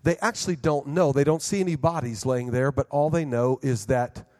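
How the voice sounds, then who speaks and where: A middle-aged man preaching a sermon, telling stories with lively sound effects and restarts. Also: mid-range voice, normal speed. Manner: animated storyteller who acts out scenes with vocal sound effects; repeats and restarts words in bursts. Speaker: pastor. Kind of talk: sermon with storytelling.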